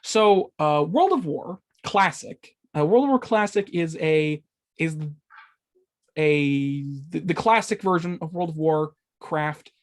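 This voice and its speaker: A man's voice: fairly high pitch, takes it slowly. Guy hosting a gaming podcast, lots of uhs, stumbles on words n swears at himself. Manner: rambling with many fillers. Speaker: podcast host. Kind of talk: casual gaming podcast chat.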